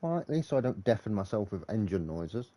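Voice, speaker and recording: A man commentating live on a racing league in a relaxed, chatty way, thinking aloud between updates. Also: on the low side, brisk.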